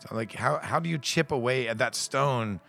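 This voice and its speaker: A man hosting a casual podcast conversation, asking quick, halting questions. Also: medium pitch, gravelly, fairly bright tone, soft background music.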